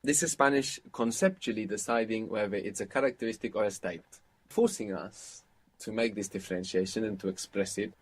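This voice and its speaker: A man with a slightly husky voice gives a spoken language lesson. He explains points patiently and prompts his learner to answer and repeat. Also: lowish voice, fairly quick. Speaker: language teacher.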